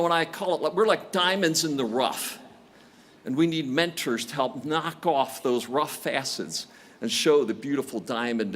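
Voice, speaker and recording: Older guy in his 60s giving a graduation speech, kinda high-ish voice, joking about himself, faint noise behind. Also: a bit bright. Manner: storytelling with self-deprecating jokes. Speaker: commencement speaker. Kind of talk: commencement speech. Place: outdoor stadium ceremony.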